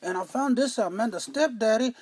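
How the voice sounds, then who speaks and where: A man's voice: very high voice, fairly quick, a little mellow, husky, dry recording. Someone playing a rambling man. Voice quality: rambling, fills every phrase with "man" and "you know". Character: rambling Mexican-American man, excitable storyteller. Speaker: comic character. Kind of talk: comedic monologue.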